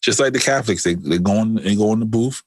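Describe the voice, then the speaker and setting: A man in his thirties co-hosting a podcast, telling stories in a casual, animated way and acting out what other people said. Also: on the low side, fast talker. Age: 30s. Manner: animated storyteller who acts out other people's lines. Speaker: podcast co-host. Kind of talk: casual chat.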